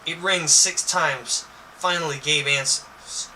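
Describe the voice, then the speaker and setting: A man's voice: a little high, fairly even intonation, takes it slowly, bright, forceful tone. Man reading a spooky story aloud on stream. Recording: distant mic with faint noise.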